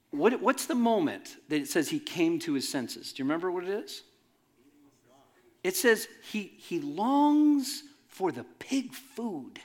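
Male pastor, conversational sermon delivery, big pitch swings, jokes with the congregation. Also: fairly bright tone. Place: church in front of a congregation.

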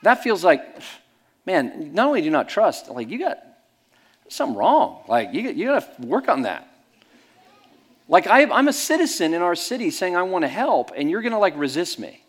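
A man's voice: high-pitched, moderate pace. Guy preaching, tells stories, voice jumps all over, pretty emphatic. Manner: animated storytelling, candid and emphatic. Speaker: pastor. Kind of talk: sermon.

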